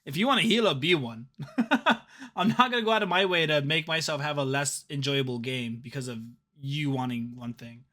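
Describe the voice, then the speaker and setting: A man's voice: on the high side, moderate pace, sharp tone. A young man co-hosting a casual gaming podcast, ranting jokingly and laughing often. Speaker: podcast co-host.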